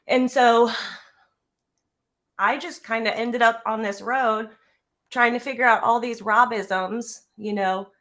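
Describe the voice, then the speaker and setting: A woman's voice: medium pitch, a bit bright. A woman giving an emotional tribute on a livestream video call, nervous and close to tears, earnest and heartfelt. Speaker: guest speaker.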